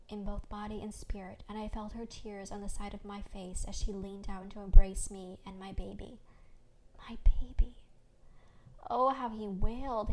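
Gentle woman host reading a story. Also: medium pitch, low-quality recording. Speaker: podcast host. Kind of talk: reading her own fiction aloud.

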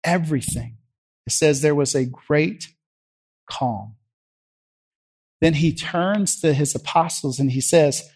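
A man's voice: fairly high pitch, slow pace, long pauses, darkish tone, husky. A man preaching a sermon as vivid storytelling, acting out the scripture scenes as he tells them.

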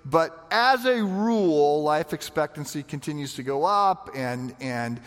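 A man preaching a sermon in a conversational, animated way, often repeating words as he starts a thought. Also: fairly high pitch, unhurried, in a large hall. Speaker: pastor.

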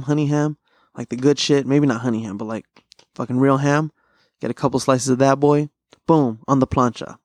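A man's voice: medium pitch, darkish tone, no room sound, clean studio sound. A young man hosting a solo podcast, telling rambling, profane, slang-heavy food stories. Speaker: podcast host. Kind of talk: casual solo podcast monologue. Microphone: close studio mic.

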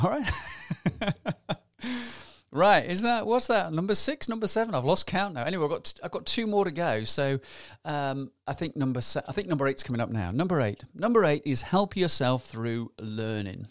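A man coaching business owners in a lively, chatty motivational talk, with a fairly high voice. He keeps firing rhetorical questions and acting out little examples. The sound is dry and close, with no room echo. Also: moderate pace. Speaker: business trainer.

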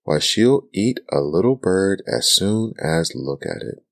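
Man doing a polite young girl, whispered role-play, earnest, very deep voice, dry close sound. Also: lively intonation, slow pace, dry recording. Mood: eager.

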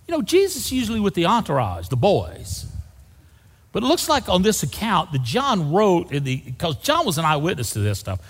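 A man's voice: sits high, wildly swooping pitch, normal speed, a bit bright, long reverb tail. A man preaching a sermon as a pastor, folksy and joking, acting out the people in the story. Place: church sanctuary.

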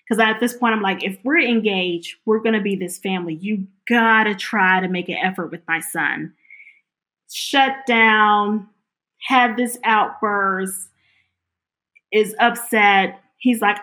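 A middle-aged woman telling her personal story in an interview, acting out the lines of the people she quotes. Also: medium pitch. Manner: animated, acts out quoted dialogue.

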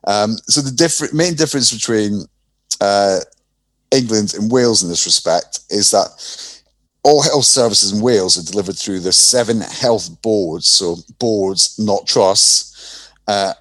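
A man's voice: fairly low pitch, a little slow, a bit bright, rough recording. A man co-hosting a podcast, explaining a structure in an informative way with many ums and restarts. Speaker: podcast co-host. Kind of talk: casual explanatory chat.

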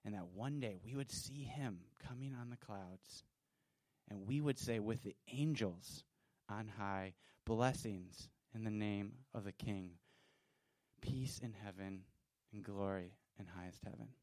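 A man's voice: lowish voice, a little slow, a little mellow, no room sound. A man telling a Bible story dramatically to children in a church, his voice swelling with feeling.

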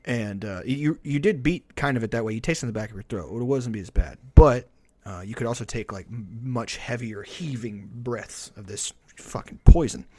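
A man's voice: mid-range voice, normal speed, mellow. Profane rambling man telling a story. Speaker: podcast host. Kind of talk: casual storytelling chat.

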